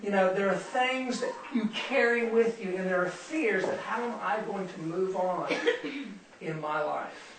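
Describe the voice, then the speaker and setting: A man's voice: sits high, measured pace, fairly bright tone. A man teaching a Bible study, speaking earnestly and repeating words for emphasis. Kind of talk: sermon. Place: room used for a Bible study. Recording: echoey room from far off, faint noise.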